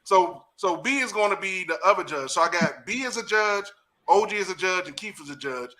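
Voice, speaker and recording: A man with a D.C. hosts a loose podcast chat. He sits high in his range for a man, with a bright, forceful edge. He coaches and sets up scenes with lively energy and frequent laughter. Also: a little fast. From Washington, D.C. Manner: animated, laughing, coaching and directing others. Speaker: podcast host and acting teacher.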